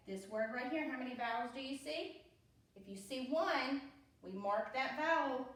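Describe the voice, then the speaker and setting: A woman teaching a phonics lesson to young children, speaking slowly and patiently and often checking in with "okay?". She has a Southern US accent. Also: on the high side, a bit bright. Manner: slow, patient, repeats with "okay?". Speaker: pre-K teacher. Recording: echoey room, voice a bit far from mic.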